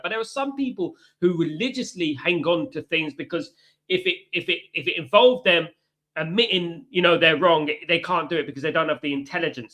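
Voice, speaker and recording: Guy hosting a football watchalong, bright voice, a bit higher pitch, gets fired up. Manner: chatty, shouts out viewers, fired-up football ranting. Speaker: watchalong host. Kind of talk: live stream chat with viewers. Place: indoors, hot room in Italy.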